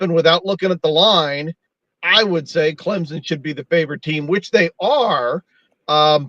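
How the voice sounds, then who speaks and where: Measured man on dull remote audio. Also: a little high, fairly bright tone, dry recording. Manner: measured, builds arguments with stats. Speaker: football analyst guest. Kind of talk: analytical panel talk.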